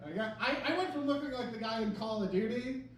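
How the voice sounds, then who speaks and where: A man's voice: extremely high pitch, fast, heavy background noise. A man in his thirties doing a self-deprecating, rambling stand-up set in a club, with laughter from the audience. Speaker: stand-up comedian. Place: comedy club stage. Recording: echoey club, mic from a distance, crowd.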